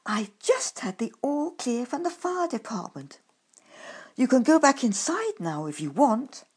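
A timid male badger from a storybook, performed by a woman, fussing and confiding in a high, breathy hush. His voice sits above the narrator's and carries a husky edge. He speaks slowly and anxiously. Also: sing-song, heavily acted. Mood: excited. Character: fussy, nervous male badger.

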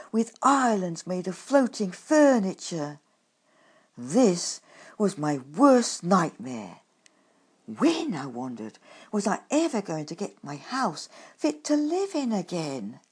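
A woman narrates a storybook in the first person, slowly and expressively. Her pitch swings widely, and her tone is husky. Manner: expressive, lively.

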